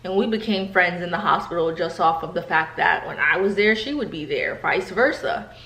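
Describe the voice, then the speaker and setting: A woman's voice: on the low side, moderate pace, pushed and bright. A woman in her thirties from New York, telling personal stories to camera in a candid, chatty way and often speaking straight to her viewers. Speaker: vlogger. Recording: echoey room.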